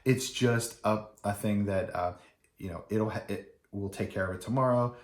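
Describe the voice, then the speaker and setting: Man, wedding DJ, low voice, casual rambling story, fillers and restarts, echoey room. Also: normal speed. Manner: rambling with many fillers and restarts, acting out quoted people.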